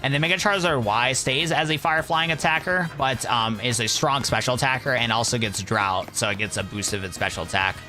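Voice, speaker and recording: Young male streamer, loose and rambling, bright edge, mid pitch. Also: brisk, hardly any pauses, faint music behind. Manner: rambling, laid-back, calls chat "bro". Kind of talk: casual live-stream chat.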